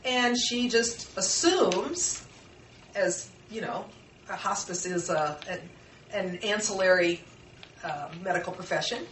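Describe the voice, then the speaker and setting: A woman's voice: medium pitch, animated, takes it slowly, a bit bright, slight background noise. A middle-aged woman giving an informal workshop talk, earnest and conversational, with personal stories. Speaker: workshop presenter. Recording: echoey room, mic far off.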